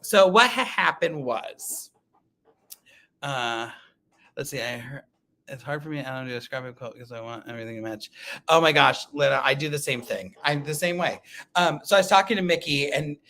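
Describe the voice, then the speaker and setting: A man hosting a casual quilting livestream, telling animated stories, laughing often and reading viewer comments. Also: mid-range voice, normal speed. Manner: chatty, animated storytelling, laughs often, reads live comments.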